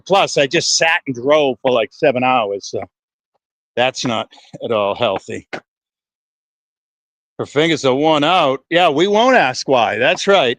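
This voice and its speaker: A man walks outdoors in the wind and breeze while live-streaming, chatting loosely and profanely with viewers and a bit out of breath from walking. His mid-range voice is animated and a little bright, with a measured pace and long pauses, on a dry recording.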